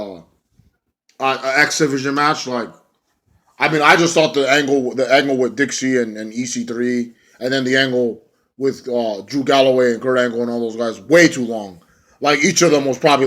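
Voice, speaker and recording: A young man giving a casual spoken review, blunt and rambling, swearing often and filling with ums and likes. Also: mid-range voice. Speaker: wrestling show reviewer.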